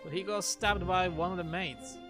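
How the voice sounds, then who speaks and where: A man's voice: sits high, fairly even intonation, moderate pace, over music. A man streaming a game, thinking aloud through clues with wry, self-mocking jokes. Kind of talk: casual live gameplay commentary.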